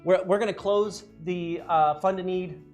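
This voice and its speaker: High-voiced shouting charity auctioneer man. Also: unhurried, faint music behind. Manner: energetic, repetitive bid calling, often shouting. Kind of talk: live charity auction calling.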